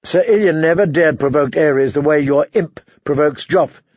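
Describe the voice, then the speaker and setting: A man's voice: on the high side, normal speed, a little mellow, no room sound, close to an everyday voice. A man voicing a proud, scheming queen mother who speaks haughtily and dismissively, on a dull, dry recording. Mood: haughty.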